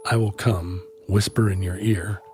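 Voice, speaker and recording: A sultry, breathy murmur pitched well below ordinary talk, as a man puts it on. It is soft and close and plays at seduction in a mock way. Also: steady tone, measured pace, faint music behind, close to an everyday voice.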